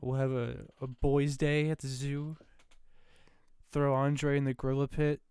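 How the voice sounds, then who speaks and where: A man's voice: mid-range voice, level tone, unhurried, darkish tone, clean tone, no room sound. A young man co-hosting a podcast in casual chat, easygoing, swearing as he tells stories. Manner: easygoing and profane storyteller. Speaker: podcast co-host.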